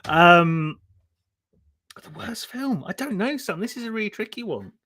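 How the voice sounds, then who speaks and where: A man in his thirties tells stories in a bright, high voice that swoops all over the place. He laughs easily and keeps the chat loose and animated. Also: measured pace. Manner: giggly, animated storytelling. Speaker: guest. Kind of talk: casual chat on a live stream.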